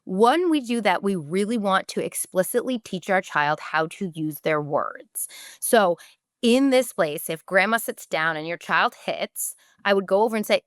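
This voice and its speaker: A woman's voice: mid-range voice, expressive, unhurried, no room sound, clean studio sound. A woman, a podcast host giving direct, emphatic parenting advice and briefly acting out what parents and children say.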